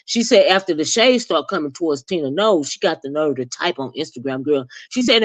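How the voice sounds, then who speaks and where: A woman's voice: a little fast, hardly any pauses, no echo. Sassy woman dishing celebrity gossip. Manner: sassy and animated, jumps high when acting out reactions. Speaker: gossip commentary host. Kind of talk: casual celebrity gossip chat.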